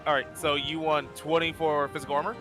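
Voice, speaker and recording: A man streaming a video game with friends, casually sorting and auctioning off gear and reading out item numbers with quick restarts. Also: a little high, little pitch movement, over music. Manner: organizing, auctioning items, lists numbers with restarts. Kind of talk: casual gaming chat.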